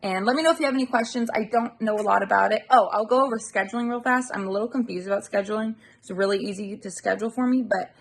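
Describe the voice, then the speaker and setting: Gravelly-voiced woman ranting to camera. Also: medium pitch, quick pace, few pauses. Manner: irritated, ranting, swears casually. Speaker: delivery-driver vlogger. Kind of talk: casual chat to camera. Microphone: handheld phone camera.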